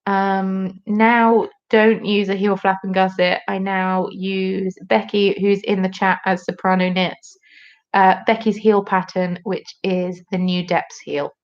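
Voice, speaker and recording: A woman's voice: medium pitch, level tone, slow pace, dull audio. A British woman from the UK, hosting a casual live stream with a chatty, jokey, rambling manner. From United Kingdom.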